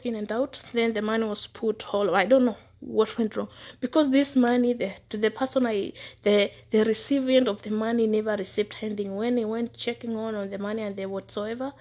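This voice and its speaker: A woman with a slightly raised pitch speaks in an earnest, casual testimony. She circles back over her words for emphasis and now and then drops to a hushed aside. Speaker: former housemaid telling her experience. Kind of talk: personal testimony, casual storytelling.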